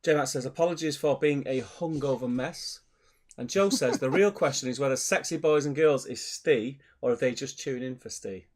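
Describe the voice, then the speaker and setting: A man hosts a casual hobby stream, reading viewers' messages aloud. His voice sits at a middle pitch, and his delivery is relaxed and chatty, full of jokes. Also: normal speed. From England. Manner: banter, reads out chat messages. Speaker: stream host reading chat. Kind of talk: casual chat.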